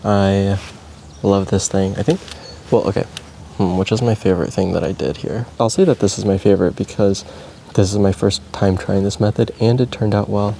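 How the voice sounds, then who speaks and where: A man vlogging about plant care in a relaxed, meandering casual chat while potting plants, with frequent ums and likes. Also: fairly low pitch, moderate pace, vocal fry, slight background noise.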